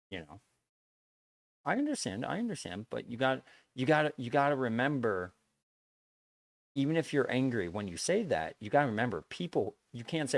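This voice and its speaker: A man's voice: mid-range voice, very animated, normal speed, pauses often, no room sound. A man streaming live, talking bluntly to his viewers in a lecturing way, swearing and repeating himself as he makes his point. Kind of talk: casual stream chat to viewers.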